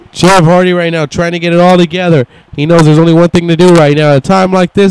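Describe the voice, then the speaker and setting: A man's voice: high-pitched, fairly even intonation, fairly quick, a little hiss or hum, low-quality recording. A young man giving casual, mock play-by-play commentary over a wrestling video game, swearing and voicing the wrestlers' thoughts in asides. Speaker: gameplay commentator.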